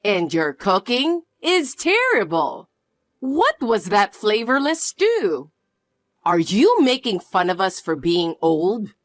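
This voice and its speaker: A woman voicing a harsh, scornful mother-in-law who talks in a slow, cold, cutting way. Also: mid-range voice, huge pitch swings, no room sound, clean studio sound. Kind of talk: dramatized story dialogue.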